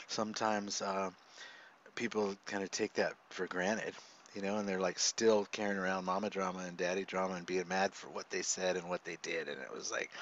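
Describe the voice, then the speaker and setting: Low-voiced man telling stories animatedly. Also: muffled recording. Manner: animated, laughs often, quick asides. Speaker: podcast guest. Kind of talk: conversational storytelling.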